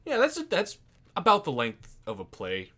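A man's voice: sits high, wildly swooping pitch, moderate pace, bright, forceful tone, slight background noise. A young adult man co-hosting a casual podcast, chatty and prone to long explanations. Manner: chatty, explains things at length. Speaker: podcast co-host. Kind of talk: casual chat.

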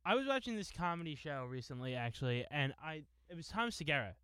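A man co-hosting a casual podcast chat, tossing out quick, deadpan remarks. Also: a little high, smooth, no room sound. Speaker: podcast co-host.

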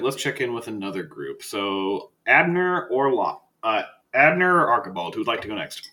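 A man's voice: on the low side, very animated, normal speed, few pauses, bright, forceful tone. A man narrating a tabletop game as game master in a casual, loose way.

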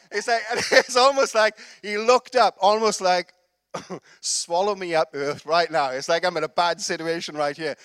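A man's voice: high-pitched, bright, forceful tone, no room sound. A middle-aged Welsh man, a pastor, preaching a sermon in a chatty, storytelling way with many fillers. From Wales.

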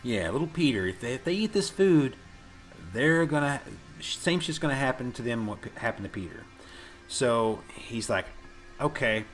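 A man's voice: mid-range voice, normal speed, soft background music. A man casually recapping a movie with a co-host, swearing and acting out the characters' lines. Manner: profane, animated retelling with quoted voices. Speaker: podcast co-host.

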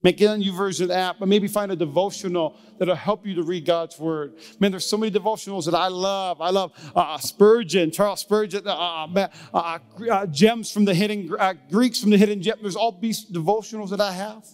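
A man's voice: high voice, brisk, hardly any pauses, in a large hall. A male pastor preaching a sermon in a church, emphatic and pleading, peppering his talk with "man". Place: church sanctuary.

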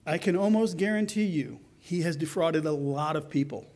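Higher-voiced man preaching conversationally. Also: normal speed, darkish tone. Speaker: pastor. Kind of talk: sermon.

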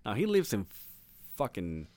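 Animated, foul-mouthed man telling a story. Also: lowish voice, unhurried, dry recording. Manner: animated storyteller, swears a lot, laughs mid-story. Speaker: podcast co-host. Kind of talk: casual storytelling chat.

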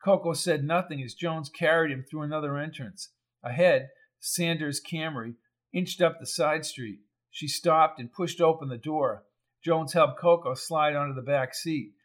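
Reading a crime novel aloud as an audiobook narrator, a man delivers steady, measured scripted narration in a fairly high voice.

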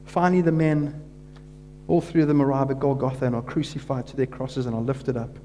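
Mellow-voiced man preaching a dramatic retelling. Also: mid-range voice, steady tone, fairly quick, slight background noise. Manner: dramatic retelling, voice rising and dropping to a hush for quoted words. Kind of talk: sermon storytelling.

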